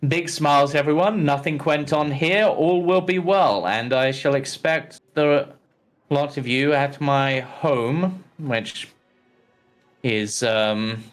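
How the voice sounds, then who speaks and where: A man's voice: fairly high pitch, takes it slowly, voice pushed up. A man doing a pompous self-satisfied baron. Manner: grandly reassuring, self-satisfied. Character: pompous male baron, town noble. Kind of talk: tabletop game character voice.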